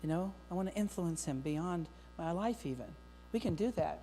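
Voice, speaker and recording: Keynote presenter, middle-aged man, upbeat and joking, highish voice, long echo in a big auditorium, faint hum. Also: moderate pace. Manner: energetic, joking, talks straight to the audience. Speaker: keynote speaker to teachers. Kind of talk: lively conference keynote. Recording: long hall reverb with faint mains hum.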